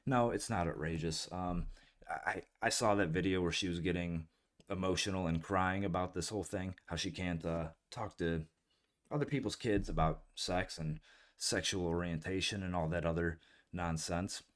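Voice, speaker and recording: A man's voice: low-pitched, fairly even intonation, moderate pace. A man hosting casual political commentary in a blunt, scornful and profane way. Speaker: political commentary channel host.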